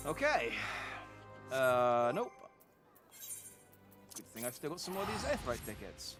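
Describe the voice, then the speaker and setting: Male VTuber, casual game chatter, jokey, very animated pitch. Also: a little slow, long pauses, music in the background. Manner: joking, rambling. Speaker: VTuber streamer. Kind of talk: casual gameplay commentary.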